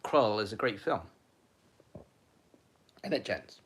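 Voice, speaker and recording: A man's voice: lowish voice, animated, slow, husky. A man chatting casually on a live stream from home, rambling and talking to viewers and his dog.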